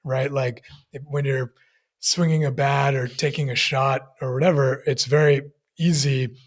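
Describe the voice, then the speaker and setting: A man's voice: mid-range voice, steady tone, measured pace. A man in a podcast conversation, talking thoughtfully and searching for his words as he goes.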